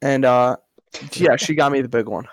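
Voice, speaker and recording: A man's voice: medium pitch, moderate pace, no echo. A young man co-hosting a podcast, chatting casually in a crude, offhand way with plenty of swearing. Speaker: podcast co-host. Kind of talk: casual chat.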